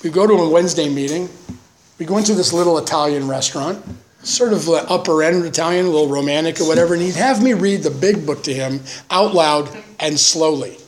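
A man's voice: a little high, fairly quick, slight background noise, low-quality recording. Earnest man in his fifties telling his story. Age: 50s. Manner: earnest storytelling, acts out quoted voices. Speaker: recovery meeting speaker. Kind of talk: personal testimony talk.

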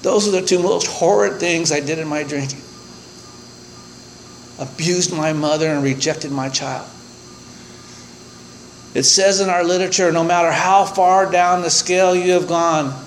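An older man with a slightly raised pitch tells a personal story at a recovery meeting. He is lively and chuckles often, acting out his own reactions as he goes. A faint room ambience sits under his voice. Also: unhurried, pauses often, slight background noise, low-quality recording. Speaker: speaker sharing at a recovery meeting.

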